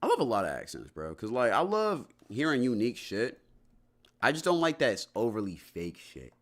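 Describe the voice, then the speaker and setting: A man's voice: mid-range voice, wildly swooping pitch, normal speed, a bit bright. A young man chatting casually on a livestream, answering his chat in a loose, slangy, rambling way full of restarts.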